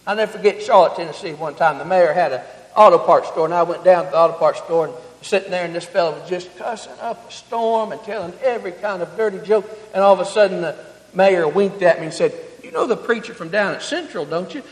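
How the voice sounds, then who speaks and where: A man preaching a sermon, rising to loud emphatic passages and falling to quiet, close tones. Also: sits high, fast. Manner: preaching with swelling emphasis, then dropping to soft intimate tones. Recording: long hall reverb.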